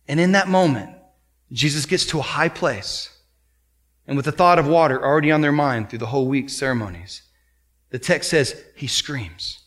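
A man delivers a sermon in a high-pitched voice. His tone is bright and forceful. He swings between loud, emphatic exhortation and quieter, explanatory passages. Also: moderate pace. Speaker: pastor.

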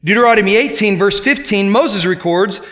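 A man preaching a sermon, emphatic, swinging between loud exhortation and quiet explanation. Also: high-pitched, normal speed. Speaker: pastor.

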